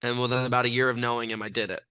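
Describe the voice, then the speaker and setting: Young man from california, brash, self-assured, bright crisp voice, dry close sound. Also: medium pitch, little pitch movement, very fast, no echo. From California, USA. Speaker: athlete guest. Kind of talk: casual interview talk.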